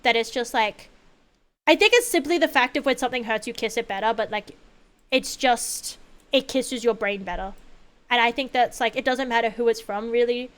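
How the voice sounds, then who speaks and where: Female streamer, high clear voice, chatty and rambling with swearing. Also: moderate pace. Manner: rambling, expressive, swears freely, lots of fillers. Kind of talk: casual chat while gaming.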